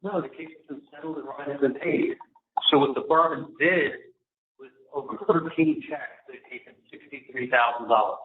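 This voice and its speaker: A man's voice: a little high, moderate pace. A man on a recorded phone call, rambling through a long, aggrieved account of a dispute. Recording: tinny, echoey phone line with faint noise.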